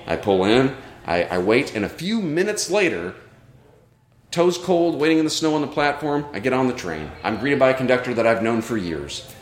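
Male live storyteller, earnest, reflective, animated pitch, roomy live sound. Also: moderate pace. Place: live show at a brewery.

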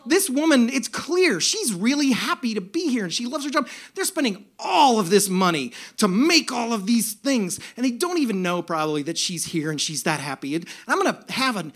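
Animated man telling a comic story. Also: extremely high pitch, moderate pace, hardly any pauses. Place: live venue on stage.

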